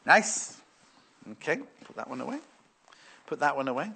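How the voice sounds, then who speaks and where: Lively-voiced man selling fabric. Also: fairly high pitch, moderate pace, vocal fry, breathy edge. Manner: chatty, musing aloud, reading viewer messages. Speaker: shopping channel presenter. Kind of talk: live sales demonstration.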